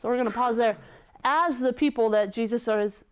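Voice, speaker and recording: A young woman giving a casual youth sermon, reading scripture and chatting it over in a relaxed, conversational way. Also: on the high side, normal speed, clean tone. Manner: chatty, conversational, many "like" fillers. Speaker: youth leader.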